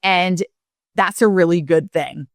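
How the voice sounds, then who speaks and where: A woman's voice: on the low side, measured pace, no echo. A woman telling a candid story in a chatty, coaching style, with plenty of casual fillers. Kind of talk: casual solo talk, coaching tone.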